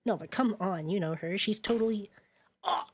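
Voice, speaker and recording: A woman's voice: mid-range voice, normal speed, husky. A woman streaming a narrative game, reading its text aloud and reacting with chatty commentary, laughing often and swearing casually.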